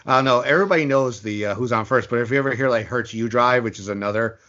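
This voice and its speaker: Guy cohost chatting, stops and restarts a lot, mid pitch, dull lo-fi mic. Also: fairly bright tone. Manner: halting, restarts often and jokes about wordplay. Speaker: podcast co-host. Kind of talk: casual chat.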